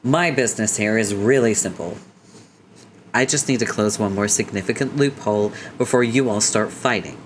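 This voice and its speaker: A man's voice: lowish voice, normal speed, a little hiss or hum, close to an everyday voice. A man doing a brash, bossy teen troll girl. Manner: bossy, blunt.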